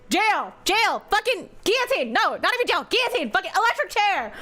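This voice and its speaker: High, swinging-pitch swearing streamer woman. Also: big pitch swings, brisk, hardly any pauses, pushed and bright. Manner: swears heavily, emotional outbursts, reads story text aloud. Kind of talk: game playthrough reaction.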